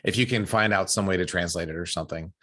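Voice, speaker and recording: A man's voice: deep voice, fast, sharp tone. Chatty American man hosting a podcast. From United States. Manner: chatty, storytelling with frequent restarts. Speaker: podcast host. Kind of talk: casual conversation.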